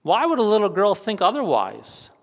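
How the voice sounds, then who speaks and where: A pastor giving a funeral sermon, earnest and steady, returning to key phrases again and again for emphasis. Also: male voice, high-pitched, moderate pace, big-room sound.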